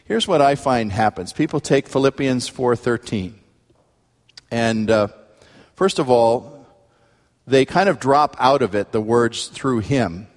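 A male pastor preaching a sermon, earnest, his voice climbing sharply in pitch and force when he presses a point. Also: takes it slowly, big-room sound.

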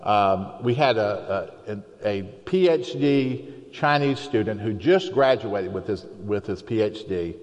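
A man's voice: on the low side, expressive, slow, few pauses, darkish tone. A man preaching a sermon in a conversational, storytelling way, acting out the people he quotes. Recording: long hall reverb.

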